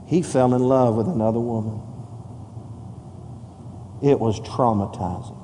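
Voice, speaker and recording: A man pastor telling a story in a sermon, swinging from hushed to shouting with dramatic force. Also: mid-range voice, a little hiss or hum. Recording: long hall reverb, faint music behind.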